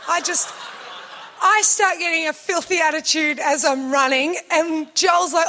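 A middle-aged woman telling a story in a sermon, animated and acting out quotes with laughs. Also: high voice, normal speed, a little hiss or hum. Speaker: preacher.

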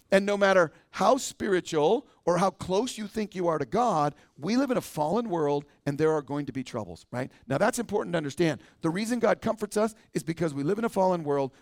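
A man's voice: a little high, dry recording, studio quality. A man preaching a sermon as pastor, talking conversationally and often checking in with a "right?". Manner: conversational, asks the congregation and adds "right?". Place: church sanctuary.

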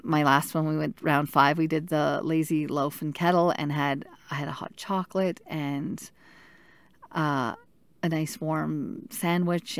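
A woman talks in a lowish, easygoing voice, chatty and candid, with a wry self-deprecating humor. She is recorded close up in a dry, dead room. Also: no room sound. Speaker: vlogger sharing her chemotherapy journey. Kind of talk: casual personal storytelling.

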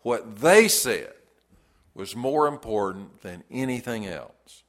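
A man preaching a sermon, deliberate and emphatic, leaning hard on key words. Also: lowish voice, animated.

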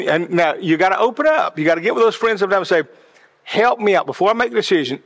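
A man's voice: on the high side, fairly bright tone. A man giving a sermon-like talk about decisions, passionate and earnest, often repeating words as he builds a point. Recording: long hall reverb.

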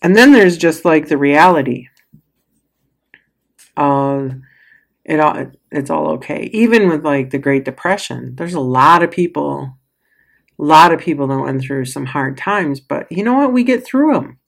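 Slow unhurried woman coach, emotional, lots of sighs n laughs, casual pep talk. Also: low-pitched, vocal fry. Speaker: coach or healer with clients.

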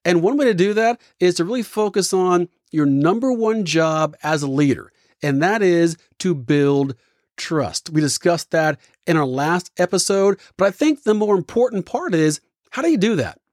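A man hosting a motivational leadership talk, telling stories in a punchy, energetic way. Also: high-pitched, normal speed, no echo, studio quality. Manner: energetic, punchy storytelling with acted quotes. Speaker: leadership podcast host.

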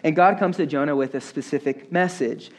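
A man's voice: fairly high pitch, brisk. A young adult man preaching a sermon as a pastor, talking casually with lots of fillers and self-deprecating jokes.

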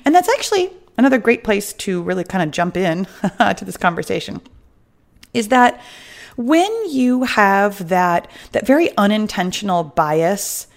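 A woman's voice: medium pitch, very animated, a little slow. Chatty middle-aged woman podcaster. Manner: chatty and upbeat, laughs often, rambles off on tangents. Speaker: podcast host and weight loss coach. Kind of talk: casual podcast monologue.

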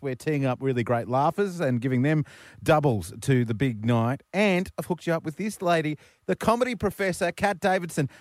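A man's voice: a little high, no echo, studio quality. A young man hosting a radio show, bantering and teasing his co-host and callers. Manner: joking, teasing, quick patter.

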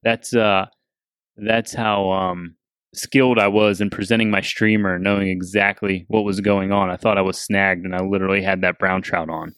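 A man with a low voice hosts a casual podcast, laughing a lot as he gives an animated retelling of a fishing story. His tone is clean at a moderate pace, with no room sound and studio-quality audio.

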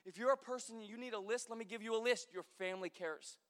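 This young pastor speaks fast in a high, fairly bright voice, delivering a chatty, story-driven sermon laced with jokes and frequent fillers. He's in a large church hall, and the recording has long hall reverb.

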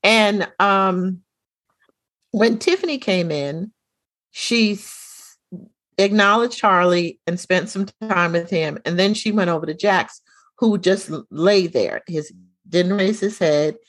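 Animated middle-aged woman telling a story. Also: mid-range voice, takes it slowly, no room sound. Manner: animated storyteller, acts out quoted dialogue. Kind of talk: casual chat, storytelling.

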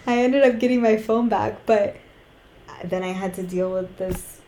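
A woman's voice: medium pitch, unhurried, mellow. Candid woman telling a story in an echoey room. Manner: candid storytelling, swears freely, acts out quotes. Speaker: podcast co-host. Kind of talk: casual chat.

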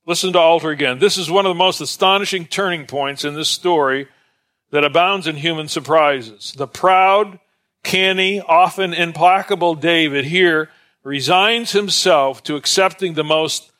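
A man leads an informal Bible study, wandering into asides as he goes. His voice is bright and on the higher side, and he talks in a loose, conversational way. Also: normal speed. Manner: conversational, digressive, many fillers.

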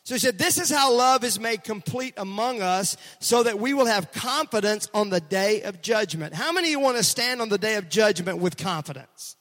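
A middle-aged man preaching a sermon in a church, speaking in an energetic, conversational way and calling on the congregation to respond. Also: high voice, moderate pace, few pauses. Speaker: pastor. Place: church sanctuary. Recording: long hall reverb.

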